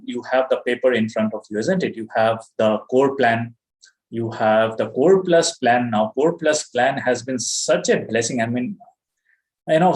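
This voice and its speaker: A man's voice: mid-range voice, darkish tone. A middle-aged man with an Indian accent giving an earnest, emphatic motivational talk to his business team, often saying "you know". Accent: Indian English. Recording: roomy echo.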